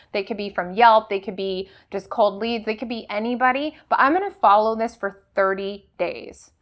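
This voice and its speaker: A woman's voice: fairly high pitch, moderate pace, few pauses. A woman hosting a motivational business talk, coaching her audience with rhetorical questions and frequent "okay?" checks.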